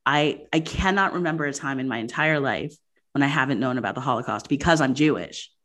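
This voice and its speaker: A woman's voice: very deep voice, animated, a little fast, fairly bright tone. A woman hosting a casual interview, talking in a chatty way full of "like". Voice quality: chatty, frequent "like" fillers. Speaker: podcast host.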